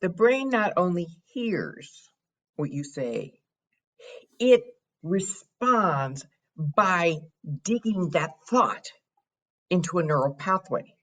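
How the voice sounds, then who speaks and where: A middle-aged woman, a wealth coach, explaining her method in a steady teaching tone as a podcast guest. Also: lowish voice, slow, pauses often. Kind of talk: podcast interview.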